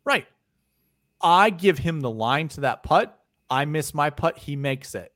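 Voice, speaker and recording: A man co-hosting a podcast, telling a story in casual chat, animated and swearing freely, often trailing off quietly at the ends of phrases. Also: fairly high pitch, a little slow, no room sound, clean studio sound. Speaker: podcast co-host.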